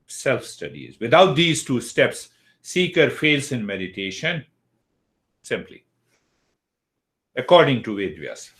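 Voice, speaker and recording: Slow, deliberate older male yoga teacher. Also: medium pitch, sing-song, a bit bright. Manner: slow and deliberate, asks and answers his own questions. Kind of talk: spoken lesson on yoga philosophy.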